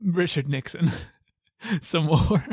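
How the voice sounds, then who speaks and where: A man's voice: a little high, takes it slowly, darkish tone, slightly rough, no echo, clean studio sound. A man hosting a podcast, joking and laughing as he recaps an episode. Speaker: podcast host. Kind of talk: casual podcast chat.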